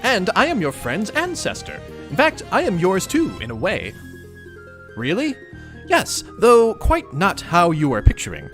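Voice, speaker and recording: A man's voice: high voice, huge pitch swings, measured pace, a bit bright, faint music behind, voice pushed up, exaggerated voice. A man voicing a sweet, chatty, know-it-all female troll ancestor, reading a webcomic aloud, with precise and properly enunciated speech. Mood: upbeat, chatty.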